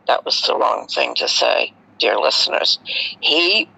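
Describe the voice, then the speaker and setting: Gravelly woman telling a story on radio. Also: very deep voice, measured pace, lo-fi sound. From United States. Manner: expressive, animated retelling with emotional swings. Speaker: radio host. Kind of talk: personal storytelling to listeners.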